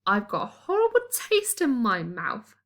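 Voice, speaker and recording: A woman's voice: a little high, wildly swooping pitch, a little slow, fairly bright tone, exaggerated voice. A woman voicing an enormous, sleepy plant-like monster lady who yawns as she talks. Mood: drowsy. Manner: yawning, drowsy.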